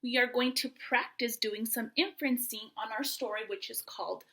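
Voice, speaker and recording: Female grade-school teacher, bright and slightly high, patient, enunciating for young children. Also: moderate pace, low-quality recording. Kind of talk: remote classroom lesson.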